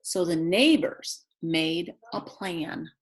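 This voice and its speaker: A woman's voice: lowish voice, expressive, takes it slowly. A woman reading a picture book aloud, breaking off for chatty asides to her young listeners. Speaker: read-aloud storyteller.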